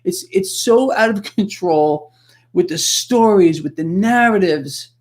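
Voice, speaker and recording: A man hosting a livestream, ranting in an animated, sarcastic way that flares into loud outbursts. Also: high voice, slow. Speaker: livestream host. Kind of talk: unscripted livestream rant.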